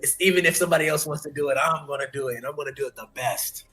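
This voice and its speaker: A man's voice: on the high side, very fast, bright, forceful tone, breathy edge. A young man as a podcast guest, talking proudly and emphatically in casual slang-filled chat. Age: young adult.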